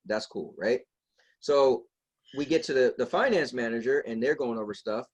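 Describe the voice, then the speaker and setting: A podcast co-host with a mid-range, slightly breathy voice tells a long story in casual conversation at a moderate pace. He's animated and acts out the voices of the people he quotes.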